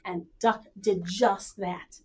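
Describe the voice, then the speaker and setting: A woman librarian telling stories to children at home, animated and inviting them to join in. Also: medium pitch, slow pace, husky. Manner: animated, speaks to kids at home. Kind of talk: children's storytime reading.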